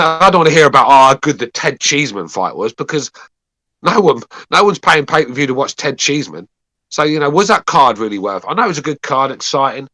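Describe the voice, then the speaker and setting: Lively, cynical podcast co-host. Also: male voice, mid-range voice, no room sound. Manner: grumbling, sarcastic, cynical. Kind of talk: casual call-in show banter.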